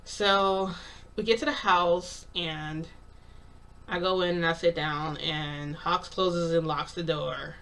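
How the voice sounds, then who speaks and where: A woman's voice: lowish voice, fairly even intonation, slow pace, fairly bright tone, recorded from a distance. Chatty woman storyteller, set back from the mic. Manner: chatty, retells dialogue with "I'm like" and "he's like". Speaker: channel host telling a story. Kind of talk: casual first-person storytelling.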